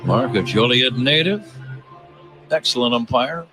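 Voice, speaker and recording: A man calling a baseball game on radio as play-by-play announcer, in a steady, genial, informative manner. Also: medium pitch, a little slow, music in the background.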